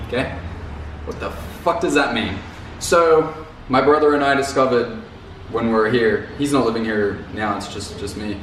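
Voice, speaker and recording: A man's voice: medium pitch, normal speed, fairly bright tone, far from the mic. A man vlogging in a loose, rambling way, repeating words and dropping casual slang. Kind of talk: casual talk to camera. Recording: very echoey room, off mic, faint noise.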